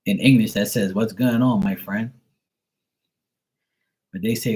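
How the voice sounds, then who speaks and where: A man with a husky, breathy voice rants to his livestream viewers in a casual way. He is blunt and profane, and he mocks the people he talks about with a sharp tongue. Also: lowish voice, normal speed, low-quality recording. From Bermuda. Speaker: livestream host.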